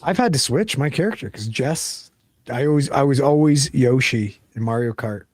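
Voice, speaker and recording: A man's voice: medium pitch, expressive, moderate pace, a little mellow. A man in casual podcast banter, joking and swearing freely. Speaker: podcast co-host. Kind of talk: casual chat.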